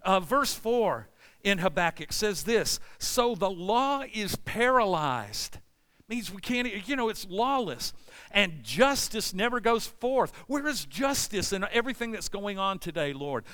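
A middle-aged man preaches a sermon with a clear, smooth, resonant voice. His tone sits high and bright, and he breaks into anguished cries as he voices prayers to God. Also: sing-song, unhurried. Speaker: pastor.

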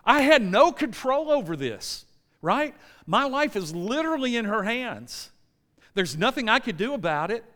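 A man's voice: extremely high pitch, very animated, normal speed, fairly bright tone. An American man preaching a sermon in a church, telling a story with lots of energy and checking in with the congregation. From United States. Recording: long reverb in a church hall.

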